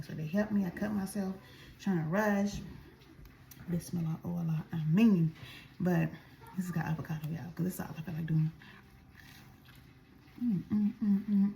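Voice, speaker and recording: Gravelly-voiced woman chatting while eating. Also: lowish voice, warm tone, a little hiss or hum. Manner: chatty, talks straight to viewers. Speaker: vlogger. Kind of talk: casual storytelling while eating. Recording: echoey room.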